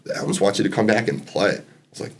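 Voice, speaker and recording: A man's voice: on the low side, fast talker. A man in his twenties, a podcast guest, telling a long casual story with lots of fillers and quoted dialogue. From Massachusetts, US. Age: 20s. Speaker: podcast guest, college basketball player.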